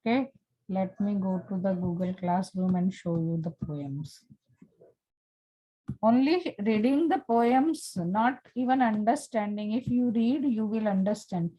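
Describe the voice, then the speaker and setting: A woman's voice: mid-range voice, measured pace, dull audio. A woman with an Indian English accent, teaching an online English class and stopping often to check that her students follow.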